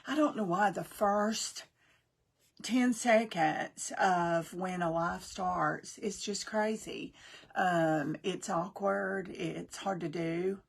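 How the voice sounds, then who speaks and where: A woman's voice: fairly low pitch, vocal fry, breathy edge. A woman hosting a craft livestream, chatting casually and greeting viewers by name. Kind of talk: casual live-stream chat.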